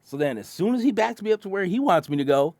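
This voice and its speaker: A man's voice: sits high, animated, fast talker, a little mellow, no echo. A man in casual bar talk, telling profane stories about his job as a concrete truck driver and acting out his coworkers.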